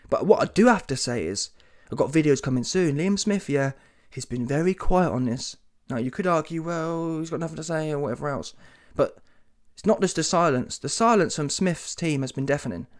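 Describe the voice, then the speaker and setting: A British man, talking solo about boxing in a combative, mocking, slangy rant. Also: on the high side. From Britain. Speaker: boxing commentator.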